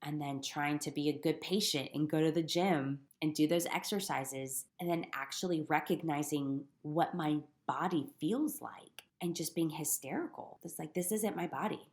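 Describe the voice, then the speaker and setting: A woman telling her own story on a podcast in a reflective, earnest way that brightens with laughter when she gets excited. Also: low voice, gravelly. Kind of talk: personal storytelling in casual chat.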